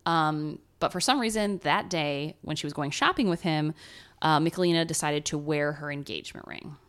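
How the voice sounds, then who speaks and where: A woman's voice: deep voice, normal speed, a bit bright, clear, resonant tone. A woman co-hosting a casual true-crime podcast, chatty and giggly as she tells the story. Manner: chatty, giggly, reads ads playfully. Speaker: podcast co-host.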